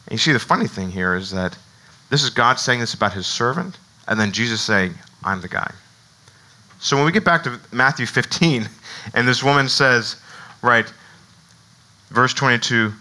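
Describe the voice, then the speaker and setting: Male pastor, middle-aged, very bright voice, chatty animated sermon delivery. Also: medium pitch, poor audio. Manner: conversational, animated, frequent restarts and "right?".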